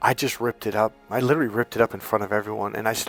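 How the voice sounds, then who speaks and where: A man, a dating coach, telling a personal story in a casual monologue, animated, swearing now and then, and acting out the lines of people in it. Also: lowish voice, rapid-fire, few pauses, faint music behind. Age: young adult. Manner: animated, swears and acts out quotes.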